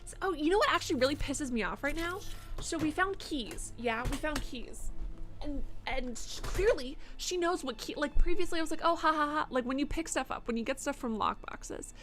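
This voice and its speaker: A woman's voice: sits high, lively intonation, normal speed, a bit bright, faint music behind. A woman streaming a video game, ranting in dramatic exasperation. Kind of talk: live game stream commentary.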